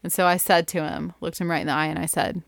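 A woman's voice: fairly low pitch, fast talker, creaky, no room sound, clean studio sound. A woman telling a personal story in a casual, chatty monologue, full of "like" and "you know" and laughing at herself. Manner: chatty and animated, heavy on fillers like "like" and "you know"; self-deprecating, laughs at her own story.

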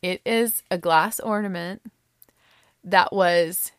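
Woman, casual storytelling, animated, dramatic hushed asides, dry sound. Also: fairly low pitch, a little slow, no echo. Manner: animated, dramatic, slips into voices and hushed whispers.

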